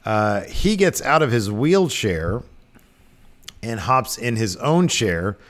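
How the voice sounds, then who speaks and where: A man's voice: fairly low pitch, very animated, takes it slowly. A man co-hosting a podcast, recapping an episode in a loose, rambling way with lots of ums and uhs. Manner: loose, rambling, full of fillers. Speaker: podcast co-host.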